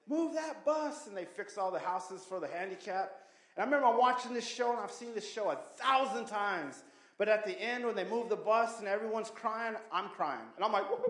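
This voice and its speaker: A man in his thirties gives a preaching testimony, telling his story in animated street slang and acting out the quotes. His voice sits high for a man. The sound carries the echo of a big room. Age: 30s. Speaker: testimony speaker.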